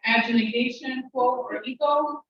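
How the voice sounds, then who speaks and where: A woman teaching a language class, explaining step by step and encouraging her students, sometimes talking fast when she gets excited. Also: high voice, slight background noise. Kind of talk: classroom instruction. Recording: echoey room, distant mic, muffled.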